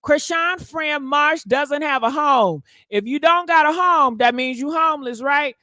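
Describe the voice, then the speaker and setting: A woman's voice: high voice, expressive, unhurried, hardly any pauses, bright, forceful tone, dry recording, studio quality. A woman hosting a gossip livestream, talking sassily and directly to her viewers and calling them honey. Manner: sassy, talks straight to viewers, calls them honey. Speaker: gossip show host. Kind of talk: casual livestream gossip chat.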